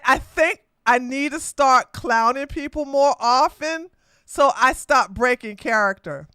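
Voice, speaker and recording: A woman's voice: on the high side, sharp tone, clean tone, no echo. A woman hosting a livestreamed political commentary podcast, talking in a combative, mocking way with frequent laughter. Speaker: podcast host.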